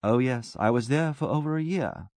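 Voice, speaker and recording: A man reading a story voices a gentle, soft-spoken woman who answers hesitantly. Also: mid-range voice, lively intonation, moderate pace, gravelly, no room sound, voice pushed up.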